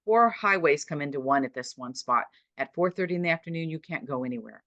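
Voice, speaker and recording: A woman's voice: deep voice, lively intonation, quick pace, a bit bright, no room sound, highs cut off. A woman in her sixties, a podcast guest, retelling her own caregiving story in vivid, dramatic short sentences. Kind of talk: personal storytelling.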